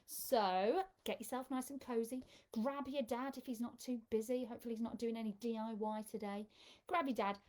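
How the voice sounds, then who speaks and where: Reading a picture book aloud for a live storytime, a female children's entertainer uses a slightly high voice at a moderate pace, expressive and drawing the children into joining in.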